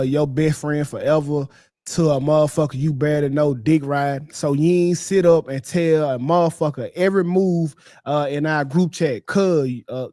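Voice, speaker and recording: A man's voice: mid-range voice, no room sound, studio quality, pitched below the performer's own voice, close to an everyday voice. A man voicing a fed-up young woman dancer, reading her lines with confident hood slang.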